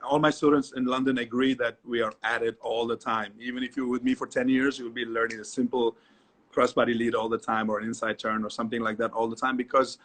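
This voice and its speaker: A middle-aged man, a dance teacher, talking as an interview guest, lively and repetitive, often adding "you know". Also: mid-range voice, fast. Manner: animated storyteller, repeats himself, many "you know"s. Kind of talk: casual interview chat.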